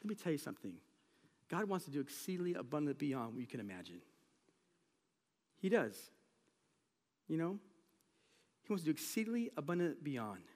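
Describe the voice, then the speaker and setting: A man preaching a sermon as pastor of a church, talking in a relaxed, conversational way and telling stories from everyday life. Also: on the high side, fairly quick, pauses often. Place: church sanctuary. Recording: long reverb of a large hall.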